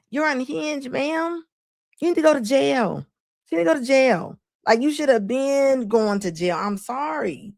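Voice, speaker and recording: High-voiced woman laughing through emphatic commentary. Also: no echo. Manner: laughing often, emphatic and scolding. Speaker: host. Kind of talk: live commentary on a video clip.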